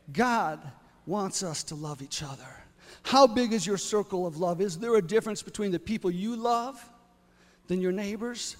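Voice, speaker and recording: A male preacher telling a story in a sermon, building to loud exclamations. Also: sits high, measured pace, long reverb tail.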